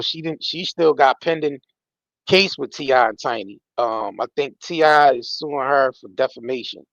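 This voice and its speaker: A man's voice: medium pitch, fairly bright tone, no echo. A man hosting a live stream, giving casual commentary in loose, slangy, emphatic talk and swearing freely. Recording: dull, dry lo-fi audio.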